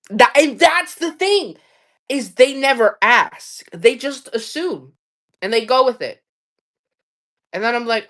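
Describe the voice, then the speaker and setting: A woman's voice: fairly high pitch, animated, measured pace, fairly bright tone. A woman hosting a livestream, chatting casually and candidly, swearing and laughing often as she tells stories. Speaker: livestream host.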